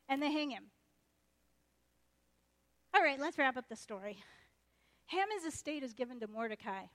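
A woman delivers a sermon as lively, conversational storytelling, jumping into character voices along the way. Her voice sits high, and her delivery is chatty and animated. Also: moderate pace, long pauses. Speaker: preacher.

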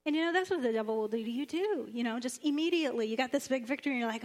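A woman pastor preaching a sermon in a church, animated, acting out the lines of the stories she retells. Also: very fast, hardly any pauses. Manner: animated, acts out the prophet's lines with sudden high bursts.

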